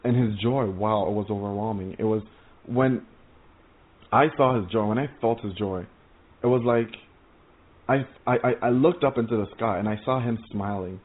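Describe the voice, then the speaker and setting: A man giving an informal testimony sermon, earnest and excitable, rambling with many stammered restarts. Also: fairly low pitch, moderate pace. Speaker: preacher sharing visions. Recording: tinny phone-like audio.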